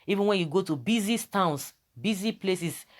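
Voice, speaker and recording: A man's voice: high voice, animated, normal speed. A man with a Nigerian accent, hosting an online commentary and reading out viewer comments, switching between Pidgin and English with emphasis.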